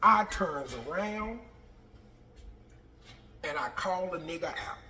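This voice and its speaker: Man, high bright voice, animated casual storyteller; distant mic in an echoey room with faint hiss. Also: takes it slowly. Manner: animated, profane, acts out quoted people.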